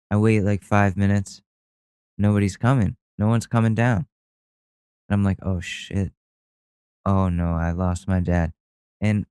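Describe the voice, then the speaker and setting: A man's voice: lowish voice, mellow, clear, resonant tone, no echo, studio quality. Rambling man telling stories at home. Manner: rambling, self-deprecating, many restarts and fillers. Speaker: podcast host. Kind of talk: casual storytelling monologue.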